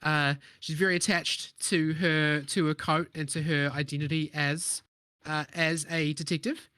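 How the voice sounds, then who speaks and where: A man's voice: on the high side, flat delivery, measured pace, pushed and bright, smooth, no room sound, studio quality. A man with a Scottish accent, an upbeat, jokey player introducing a charity stream and his character. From Scotland. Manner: upbeat and jokey, with many fillers. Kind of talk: casual chat.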